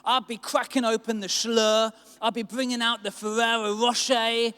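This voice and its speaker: Guy preaching in a church, high smooth voice, long hall echo. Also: normal speed. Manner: animated, acts out quotes with big swings in loudness. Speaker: pastor. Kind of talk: sermon.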